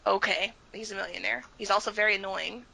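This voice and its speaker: A woman's voice: mid-range voice, steady tone, brisk, vocal fry, bright, forceful tone, husky, poor audio. A woman co-hosting a casual chat, talking bluntly and with exasperation, swearing freely. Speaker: podcast co-host.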